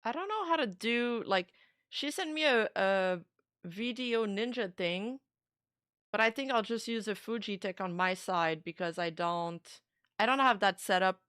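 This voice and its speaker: A woman's voice: medium pitch, measured pace, a bit bright, clear, resonant tone, no room sound, studio quality. A young adult woman streamer in casual reaction commentary, chatty, swearing freely and filling her talk with "like.".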